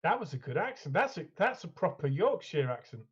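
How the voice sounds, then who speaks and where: A man with a fairly high voice co-hosts a hobby chat, rambling keenly and filling gaps with "uh" and "man". His sound is dull and lo-fi. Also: sing-song, brisk, breathy edge. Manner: enthusiastic, rambling, lots of fillers. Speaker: co-host.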